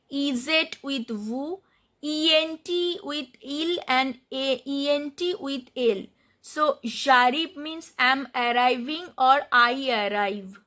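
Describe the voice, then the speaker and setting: Casting: female language tutor, high pitch, slow, patient delivery that spells words letter by letter. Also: fairly bright tone. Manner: spells out letters and repeats words while explaining. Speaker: French teacher. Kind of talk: slow explanatory lesson.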